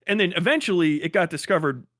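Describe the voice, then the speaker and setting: A man near forty with a high voice talks casually and bluntly, swearing freely. He slips into mocking voices of commenters. The sound is dry and close to the mic. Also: lively intonation, quick pace, a bit bright, no room sound. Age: 30s. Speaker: streamer hosting a fundraiser. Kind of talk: casual chat.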